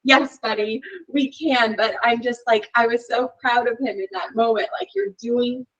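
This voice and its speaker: A woman's voice: fairly high pitch, fairly even intonation, normal speed, low-quality recording. A woman being interviewed on a podcast, telling a story in a chatty way with lots of "like" and "you know". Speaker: podcast guest. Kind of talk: casual interview chat.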